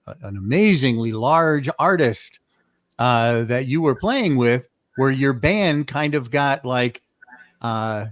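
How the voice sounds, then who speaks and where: A man's voice: medium pitch, dry recording. A man hosting a podcast, asking long rambling questions in a casual interview. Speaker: podcast host.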